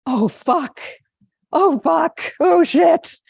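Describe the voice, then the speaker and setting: A woman's voice: lively intonation, slow, mellow, no echo, clean studio sound. A woman voicing a frightened young man who keeps swearing and pleading as danger closes in. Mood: panicked. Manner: panicky, pleading, high-pitched outbursts. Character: frightened young man facing a mountain lion.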